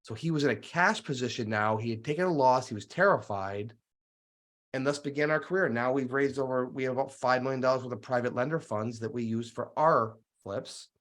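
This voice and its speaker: A man's voice: medium pitch, fairly quick. A middle-aged man telling stories as a guest in a podcast interview, acting out the dialogue he recalls. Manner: animated storyteller, acts out quoted dialogue. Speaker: guest real estate investor.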